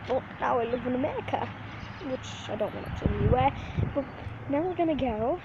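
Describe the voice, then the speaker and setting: A vlogger chats playfully into a handheld phone for a casual vlog, first in a home being remodeled and then outside in the rain. Her voice is a little high, moves at normal speed, and swings up and down as she talks. The phone recording sounds muffled and noisy.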